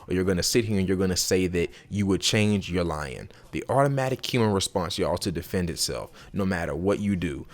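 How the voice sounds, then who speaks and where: A man's voice: low voice, a little mellow. A man hosting a gaming video who gives casual, emphatic advice straight to his viewers, repeating his points and calling them y'all. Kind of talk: casual advice vlog to camera.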